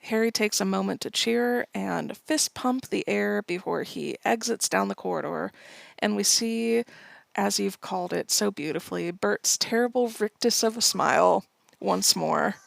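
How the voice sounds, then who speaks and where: A woman's voice: medium pitch, measured pace, vocal fry, no room sound. A woman co-hosting a podcast, chatting playfully and recapping a film scene by scene. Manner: playful, reads quoted lines with acted bursts. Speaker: podcast co-host. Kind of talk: casual chat and recap narration.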